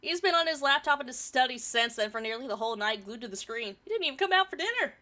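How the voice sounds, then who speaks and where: A woman's voice: high voice, lively intonation, fast, bright, forceful tone. A woman streamer reading a forum story aloud and chatting about it, swearing casually, her throat a bit irritated from pollen.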